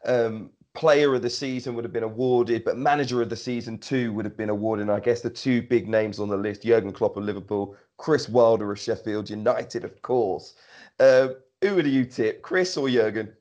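A man's voice: mid-range voice, fairly even intonation, moderate pace, a little mellow, highs cut off. Man asking interview questions.

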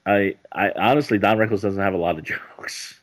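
A male stand-up comedian chatting as a podcast guest, rambling with halting restarts. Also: lowish voice. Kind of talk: casual podcast interview.

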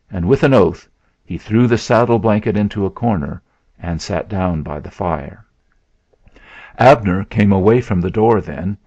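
A man narrating a story in a measured, steady way. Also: fairly low pitch, gravelly. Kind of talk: scripted narration. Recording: dull lo-fi sound.

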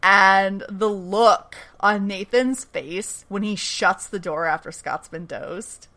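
Brief: woman podcast host, casual and animated recap, salty language. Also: mid-range voice, slow pace. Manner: animated storytelling, swears freely, laughs often. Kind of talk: casual chat.

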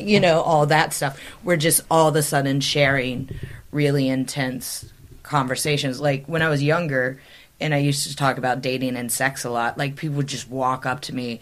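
A woman's voice: extremely low pitch, fairly even intonation, moderate pace. A woman with a Midwestern American accent, hosting a podcast in chatty, rambling conversation. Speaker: podcast host. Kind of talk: casual conversation.

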